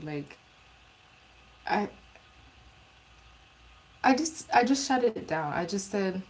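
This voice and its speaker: A woman's voice: on the low side, a little mellow, a little hiss or hum, rough recording. A woman telling a storytime in a casual, blunt and profane way, rambling with restarts. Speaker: live streamer.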